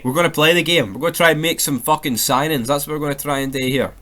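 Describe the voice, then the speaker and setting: A man's voice: fairly high pitch, fast talker, hardly any pauses, pushed and bright. A young Scottish man giving sweary, ranting casual commentary over a football video game career mode. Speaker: gaming YouTuber.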